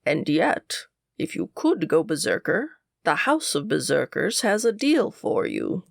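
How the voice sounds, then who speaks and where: A woman voicing a stern male school official who speaks in a cold, condescending, lowered voice. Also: big pitch swings, measured pace, vocal fry, no echo, studio quality, exaggerated voice. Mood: scornful.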